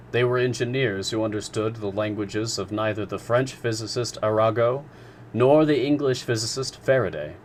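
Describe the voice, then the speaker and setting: Man, low voice, live reading of a classic novel, measured expressive narration. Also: a little hiss or hum. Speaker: storyteller.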